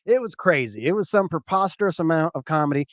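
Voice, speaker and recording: Man host, casual rambling storytelling, fairly high voice, dry close sound. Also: fast, dry recording. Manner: rambling, animated, swears. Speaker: show host, former comedian.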